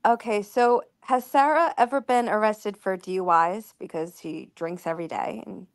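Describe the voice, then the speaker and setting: Hesitant woman caller with smooth voice. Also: medium pitch, steady tone, moderate pace, no room sound, clean studio sound. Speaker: viewer calling into a live stream. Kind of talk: casual live-stream chat.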